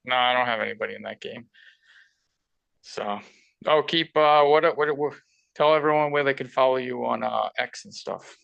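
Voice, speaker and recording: A man's voice: mid-range voice, moderate pace, gravelly, a bit bright, smooth, dry recording, highs cut off. A man hosting a casual sports betting podcast, bantering and joking crudely with his co-host.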